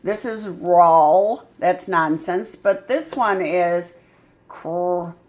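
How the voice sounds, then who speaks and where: A woman tutoring a child in phonics, sounding out words slowly and patiently. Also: fairly low pitch, a little mellow. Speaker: reading tutor. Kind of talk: phonics lesson.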